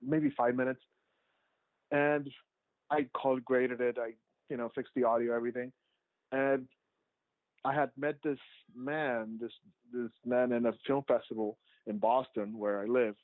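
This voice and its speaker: A documentary filmmaker, a man, tells his story loosely and chattily, stumbling through fillers and restarts. His voice comes through a thin, narrow, phone-like line. There is no room sound at all, and his pitch sits at an ordinary middle level. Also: measured pace, long pauses, no echo. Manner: rambling, full of "like" fillers and restarts. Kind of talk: casual storytelling interview answers. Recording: tinny phone-like line, dry.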